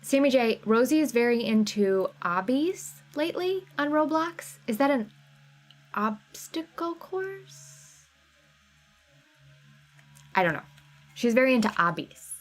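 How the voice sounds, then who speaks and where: A woman's voice: on the high side, lively intonation, moderate pace, faint music behind. A woman hosting a live craft sale, chatting casually and answering viewers by name. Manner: chatty, reads out viewer names and chat comments. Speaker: livestream sale host.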